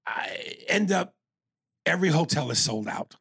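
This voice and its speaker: A man from New York telling a long, profane story on a podcast, animated and acting out quotes. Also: fairly high pitch, measured pace, vocal fry, breathy edge, no echo. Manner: animated, swears freely, acts out quotes. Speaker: podcast co-host.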